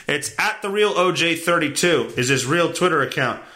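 Animated, swearing male podcast host. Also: on the high side, normal speed. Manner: profane, worked-up rant. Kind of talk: ranting solo podcast.

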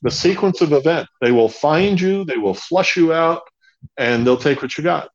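A man's voice: a little high, lively intonation, moderate pace, dull audio. A man being interviewed as a guest, talking emphatically, hammering points home by repeating words. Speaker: bunker company founder, interview guest. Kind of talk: conversational interview.

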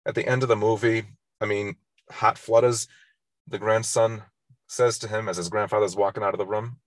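Man, very low voice, casual countdown host, wry, sarcastic, dry close sound. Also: steady tone, fairly quick, no room sound. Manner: wry, sarcastic, laughs often. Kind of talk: casual movie countdown commentary.

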